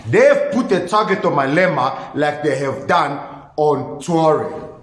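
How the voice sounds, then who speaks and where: A man hosting a podcast, giving animated, incredulous political commentary and talking straight to his listeners. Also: a little high, unhurried, roomy sound. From South Africa. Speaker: podcast host.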